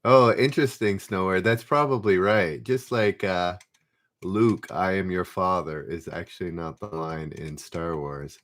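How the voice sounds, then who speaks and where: A man's voice: low voice, a little slow, fairly bright tone. A man hosting a live trivia stream, reading questions aloud and chatting easily with viewers in the chat, laughing often. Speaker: trivia game host.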